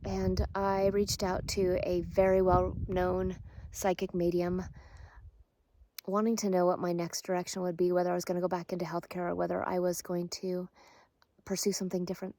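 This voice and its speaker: A middle-aged woman, a respiratory therapist, telling a personal story in a soft, hushed, earnest way. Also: fairly low pitch, monotone, normal speed, a little hiss or hum.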